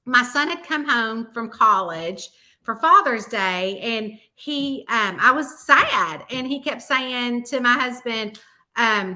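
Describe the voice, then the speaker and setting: Taking it slowly, this Southern middle-aged host chats casually with her audience and spins a long tale packed with quoted voices. She has a fairly high pitch, lively intonation and a sharp tone, with a Southern US accent.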